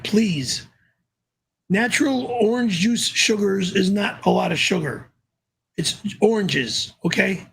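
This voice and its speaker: Gravelly high-pitched man, gruff and grumbling. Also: measured pace, fairly bright tone, a little hiss or hum. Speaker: host reading viewer messages. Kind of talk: casual live-stream chat.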